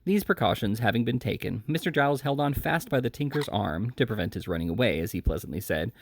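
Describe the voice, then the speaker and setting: A man reading a classic novel aloud as an audiobook, lively and expressive, with small slips and restarts. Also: medium pitch, fast talker, slight background noise. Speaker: audiobook reader.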